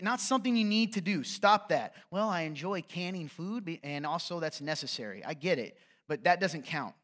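A man's voice: a little high, a bit bright. A man preaching a sermon in a conversational, jokey way, often checking in with the congregation. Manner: conversational, jokey preaching with frequent "right?" asides. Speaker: pastor.

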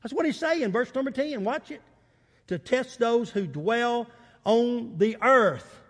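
High-voiced preaching man in a big hall. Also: animated, slow pace. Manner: emphatic preaching with call-and-response, acts out quotes. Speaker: pastor. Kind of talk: sermon. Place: church sanctuary.

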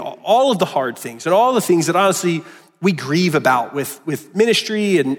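A man with a high, somewhat husky voice delivers an earnest sermon in a church hall. He restarts phrases often and acts out quoted lines. A long reverb trails his words. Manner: earnest preaching with repeated restarts and acted-out quotes. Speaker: pastor.

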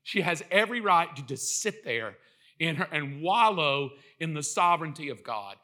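A man preaching a sermon in an animated way, acting out the voices in his story and building to impassioned shouts. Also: fairly high pitch, unhurried.

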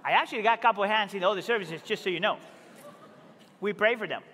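High-voiced preacher man in a reverberant hall. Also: fast, a little hiss or hum. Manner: earnest preaching, rising to emphatic exclamations and dropping to quiet asides. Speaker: pastor. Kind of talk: sermon. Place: church sanctuary.

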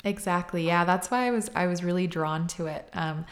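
A woman hosting a book podcast, reading a picture book aloud in a gentle, measured way and chatting. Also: on the low side. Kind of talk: storybook read-aloud and casual chat.

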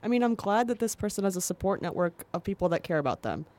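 A woman's voice: medium pitch, very animated, fast, a little mellow. A woman from the Midwest, co-hosting an advice podcast in a playful, upbeat chat. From American Midwest. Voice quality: nasal voice. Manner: playful, laughs often, upbeat. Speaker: podcast co-host giving advice. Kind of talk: casual chat.

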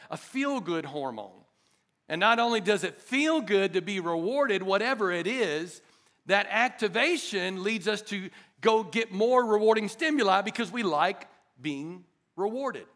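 High, bright-voiced preacher, man. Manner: animated, chatty, jokes with the congregation. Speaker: pastor. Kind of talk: sermon. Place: church hall.

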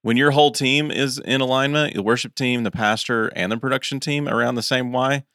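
A man's voice: mid-range voice, steady tone, brisk, a bit bright, no room sound, studio quality. A man on a podcast talking in a confident, emphatic way. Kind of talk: casual podcast conversation.

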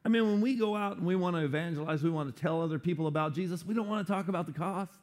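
A man preaching a sermon, animated and playful, acting out quotes for humor. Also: sits high, rapid-fire. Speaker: pastor.

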